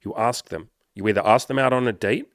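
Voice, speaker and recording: A man's voice: mid-range voice, fairly quick, dry recording, clean studio sound. A man, a dating coach, telling a personal story in a candid, rambling way and swearing freely. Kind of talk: casual storytelling monologue.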